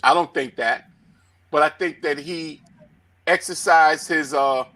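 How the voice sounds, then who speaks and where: A man co-hosting a talk show, arguing a point and telling a story in an animated way, swearing freely. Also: fairly high pitch, measured pace. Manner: animated, swearing, acts out quotes loudly. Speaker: podcast co-host. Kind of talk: heated debate, storytelling.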